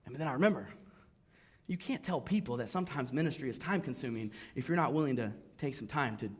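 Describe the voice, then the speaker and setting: A pastor preaching a sermon from a church stage to his congregation. He tells his stories in an animated, self-mocking way. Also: mid-range voice, fast talker, slightly rough.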